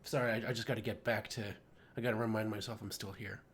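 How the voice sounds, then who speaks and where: A man's voice: lowish voice, steady tone, quick pace, slight background noise. A man hosting a horror movie podcast, rambling casually with plenty of fillers and playing an exasperated director in a comedy sketch. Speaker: podcast co-host.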